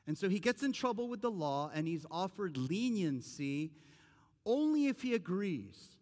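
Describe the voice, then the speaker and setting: A man's voice: high voice, very animated, moderate pace, darkish tone. A man in his forties, a pastor giving a sermon in a conversational, earnest way that builds to emphatic points. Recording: long reverb of a large hall.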